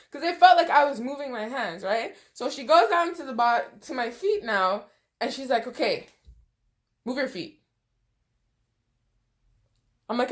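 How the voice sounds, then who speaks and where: A woman's voice: sits high, expressive, normal speed. Tearful young woman telling a storytime. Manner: emotional, tearful retelling with quoted dialogue. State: close to tears. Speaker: vlogger. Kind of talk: storytime vlog.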